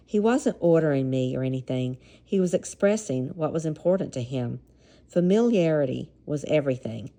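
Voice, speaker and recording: A woman's voice: low voice, expressive, moderate pace, dark tone. A woman with a Southern American accent reading a memoir aloud and dropping casual, chuckling asides between passages. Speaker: reader.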